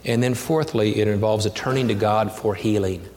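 A male pastor with a fairly low voice speaks at normal speed while telling a childhood story in his sermon. He builds to animated peaks full of self-deprecating humor, then sinks to a near-whisper on intimate lines, with long hall reverb and faint background noise.

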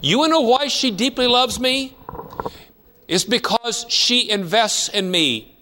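A man's voice: extremely high pitch, lively intonation, unhurried, sharp tone, a little hiss or hum. A man in his fifties preaching a sermon, telling stories in a conversational way with emphatic rises. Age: 50s. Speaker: pastor.

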